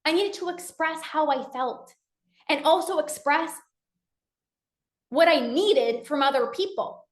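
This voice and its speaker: In an echoey room, a binge eating coach talks at a measured pace, pausing often. Her voice is high and bright, the tone casual and motivational, and she earnestly acts out inner dialogue as quotes.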